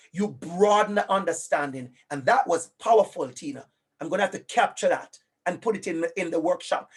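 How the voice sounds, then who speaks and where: With a husky, high-pitched voice, a man speaking with a Jamaican accent lectures live online. He is emphatic and full of energy, turning to speak to a colleague by name.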